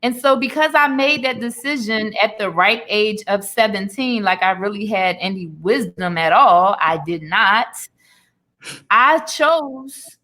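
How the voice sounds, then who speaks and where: A woman's voice: mid-range voice, measured pace, pushed and bright. A woman in her forties, an interview guest and author, giving an earnest, emotional personal testimony laced with faith.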